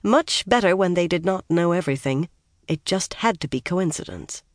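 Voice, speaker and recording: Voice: mid-range voice, no room sound. Dry, close audiobook narrator. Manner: steady, measured storytelling. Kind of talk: scripted fantasy narration.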